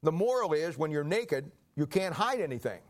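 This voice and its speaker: An older man preaching a sermon, telling folksy stories and clearing his throat often. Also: fairly high pitch, big pitch swings, normal speed. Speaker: pastor. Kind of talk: sermon with personal anecdotes.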